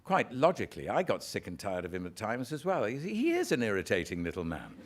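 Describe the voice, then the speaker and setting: A man's voice: on the low side, a little fast. An older man, an actor telling self-deprecating anecdotes as an interview guest. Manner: animated storyteller, self-deprecating.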